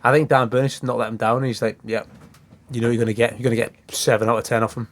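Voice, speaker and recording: A man's voice: medium pitch, little pitch movement, quick pace. A man co-hosting a casual football podcast, acting out other people's quotes and swearing casually. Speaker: podcast co-host.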